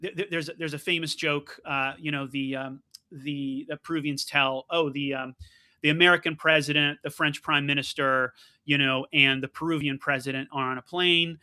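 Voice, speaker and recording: Brief: male debate co-host, high voice, excitable storyteller who stumbles and restarts. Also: moderate pace, clean tone. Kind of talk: animated debate banter.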